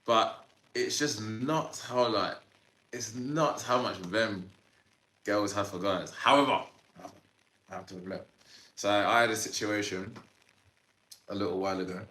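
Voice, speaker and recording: A man in his thirties, a podcast guest, telling a story in an animated, slangy way with lots of fillers. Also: on the low side, measured pace, pauses often, echoey room, low-quality recording. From Sudan, raised in Ireland. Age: 30s. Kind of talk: casual storytelling interview.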